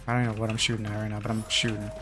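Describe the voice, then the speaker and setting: A man's voice: lowish voice, monotone, very fast, over music. Slangy young man chatting over gameplay. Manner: slangy storytelling with many fillers; muttering game commentary. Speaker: gaming channel host. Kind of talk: casual chat while playing a game.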